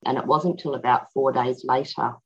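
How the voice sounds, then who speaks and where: A middle-aged woman telling a personal story as an interview guest, halting and reflective, with frequent restarts. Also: extremely low pitch, fairly even intonation, breathy edge. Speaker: guest and author. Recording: dull lo-fi audio.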